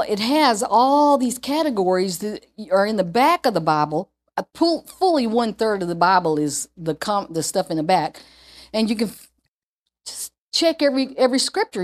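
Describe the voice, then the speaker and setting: A woman giving an informal sermon full of personal testimony, chatty and repeating herself with frequent restarts. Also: medium pitch. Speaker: lay preacher.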